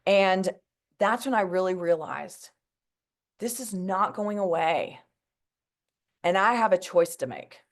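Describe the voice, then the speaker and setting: A woman's voice: mid-range voice, takes it slowly, long pauses. A woman, speaking earnestly and emotionally to an audience as a mental health advocate, with many fillers like "like" and "you know.". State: emotional, close to tears. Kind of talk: heartfelt personal talk to an audience.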